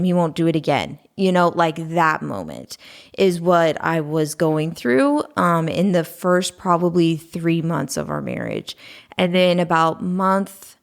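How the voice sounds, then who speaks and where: A woman in her thirties, a podcast guest, talking openly and calmly about her past, with many fillers. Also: fairly low pitch, unhurried, vocal fry. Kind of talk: candid conversational interview.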